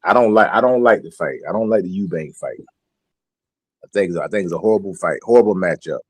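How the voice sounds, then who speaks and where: A man's voice: low-pitched, fast, a little mellow, breathy edge, no echo. Outspoken male debater, mid voice, dry, keeps saying "man". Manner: blunt, repeats "man", strong opinions. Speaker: panelist. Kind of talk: heated sports debate.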